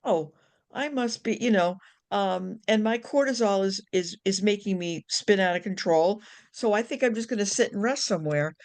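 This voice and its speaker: A woman nurse chatting on a video call with friends, animated, acting out inner voices, with many restarts and casual swearing. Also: medium pitch, moderate pace. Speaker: nurse, book club member.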